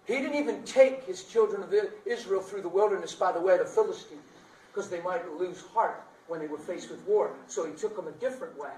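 A man preaching in a church hall, his voice carrying a touch high for a man. He swings from loud bursts to hushed lines and laughs at himself now and then. He is picked up from a distance in a roomy space, with faint ambience behind him. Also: brisk, slight background noise. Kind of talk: sermon.

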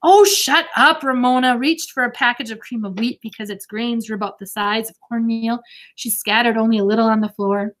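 A woman's voice: a little high, fairly even intonation, a little fast. A woman narrating a children's storybook, reading steadily and expressively. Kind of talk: storybook read-aloud.

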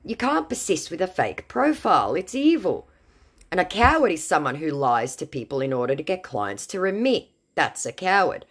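Low-voiced, mocking woman from Australia. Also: very animated, normal speed, slightly rough. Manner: dry, mocking, sarcastic. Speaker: scam-baiting narrator. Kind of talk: narrating text chats.

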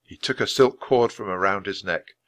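A man reading a children's chapter book aloud at a clear, measured pace for English learners. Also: lowish voice, a bit bright. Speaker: storybook reader.

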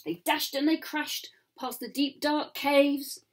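A woman reading a rhyming picture book to children, with soft asides. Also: sits high, steady tone, slow.

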